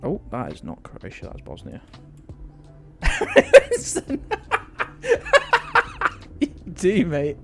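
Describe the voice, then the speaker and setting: Lively sweary man streaming. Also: fairly high pitch, drawn-out words, creaky, pauses often, faint music behind. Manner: sweary, rambling, self-deprecating. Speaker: game streamer. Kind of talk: live-stream commentary.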